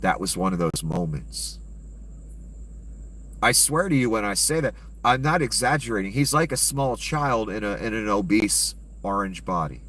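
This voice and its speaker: A man's voice: on the low side, very animated, normal speed, fairly bright tone. A man giving an angry, profane and sarcastic rant of political commentary.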